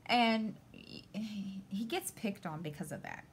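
A woman's voice: medium pitch, animated, slow pace, slight background noise. A mother chatting casually while she stitches, rambling through a story with lots of "I said" and "you know". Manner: rambling, retells talks with many "I said" and "you know".

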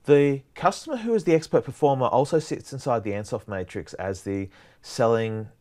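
A man's voice: medium pitch, normal speed, darkish tone. A man giving a prerecorded university lecture, explaining in a loose, conversational way that wanders from point to point.

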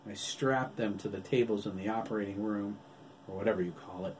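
A man's voice: fairly low pitch, fairly quick, darkish tone, lightly acted. A man voicing a cocky, flippant young man with a sarcastic, brash manner, recorded from a distance with faint noise behind.

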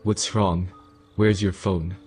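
A man's voice: deep voice, steady tone, takes it slowly, a little mellow, soft background music. A man voicing a stern but caring female schoolteacher in a spoken story.

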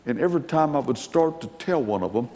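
A man's voice: medium pitch, animated, quick pace, warm tone, in a large hall. An older man telling a personal testimony to an audience in a folksy, rambling storytelling way. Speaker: speaker giving a testimony.

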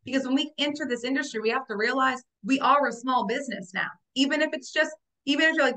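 A woman's voice: high voice, quick pace, bright, forceful tone, rough recording. A woman hosting an agency video call, coaching listeners in an upbeat way and often tagging "right?" onto her points. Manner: upbeat, coaching, keeps asking "right?" and addressing "guys". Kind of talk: motivational interview chat.

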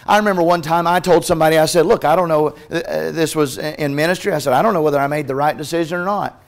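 Male pastor, fairly high voice, preaching with swings from soft to loud. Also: steady tone, quick pace. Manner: impassioned preaching that swings from hushed to loud, with restarts. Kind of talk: sermon. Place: church sanctuary.

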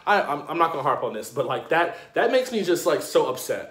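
Animated man ranting in a roomy room. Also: on the high side, fairly quick, hardly any pauses. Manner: animated, indignant ranting with slang and fillers. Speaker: TV episode reviewer. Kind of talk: casual video review.

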